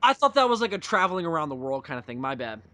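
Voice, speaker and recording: A man's voice: fairly high pitch, racing, dry recording. A young man co-hosting a podcast, chatting animatedly about a film and acting out its lines. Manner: animated, quotes film lines in put-on voices. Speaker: podcast co-host. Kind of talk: casual chat.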